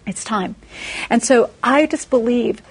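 A woman preaching a sermon, telling a personal story in an animated way and acting out the voices of the people in it. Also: unhurried, slightly rough. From Texas, USA. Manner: animated storytelling, acting out quoted voices with big pitch jumps.

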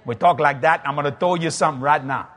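Talking fast in a fairly high register, a Cajun guest preacher from South Louisiana works through a sermon full of humor. He tells his stories with animation and breaks into laughter at his own jokes.

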